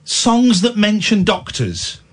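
Husky, playful English radio host. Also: male voice, sits high, very animated, slow. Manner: playful, teasing, jokey. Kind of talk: late-night radio chat. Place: radio studio.

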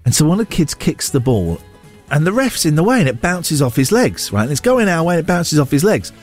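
A man's voice: a little fast, soft background music. A man, co-hosting a podcast and telling a story in casual chat, acting out the lines he quotes. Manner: animated, acts out quotes with big pitch jumps. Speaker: podcast co-host.

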